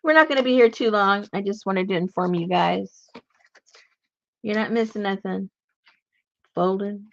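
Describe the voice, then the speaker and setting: A woman's voice: medium pitch, a little slow, long pauses, fairly bright tone, lo-fi sound. A woman hosting a casual crafting chat, rambling and laughing easily as she works. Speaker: crafting channel host.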